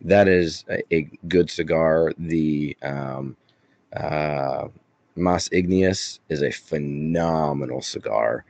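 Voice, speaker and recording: A man's voice: a bass voice, slow pace, creaky, darkish tone, lo-fi sound. A man talking as a guest on a chat show, hesitant, with many fillers and restarts. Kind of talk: casual chat.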